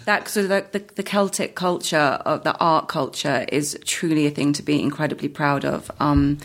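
A woman's voice: sits low, fairly even intonation, moderate pace. A woman, an actor chatting as a guest in an interview, laughing often and restarting her sentences. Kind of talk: casual interview chat.

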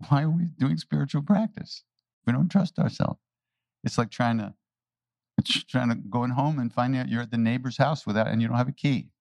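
A man's voice: mid-range voice, normal speed, gravelly, pauses often, darkish tone, no echo. A man giving an earnest, conversational spiritual talk, often repeating phrases for emphasis. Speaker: spiritual teacher. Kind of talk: informal dharma talk.

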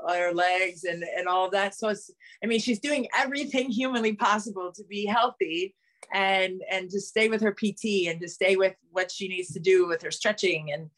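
A woman's voice: lowish voice, fairly bright tone. A middle-aged woman co-hosting a sports podcast, talking loosely with lots of fillers and restarts. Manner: rambling, many fillers and restarts. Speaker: podcast co-host; former high school coach. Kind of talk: casual sports chat.

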